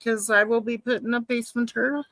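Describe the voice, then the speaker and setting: A playful woman hosting a casual livestream, trailing off into fillers as she reads the chat. Her voice is bright and fairly high, recorded dry and close. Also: flat delivery, brisk, dry recording, low-quality recording. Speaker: podcast host reading the chat.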